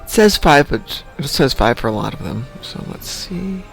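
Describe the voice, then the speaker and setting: Raspy guy rambling on his morning stream at home, faint music behind. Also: medium pitch, very animated, normal speed. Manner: rambling, chatty, self-joking. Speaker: live stream host. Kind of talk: casual morning stream chat.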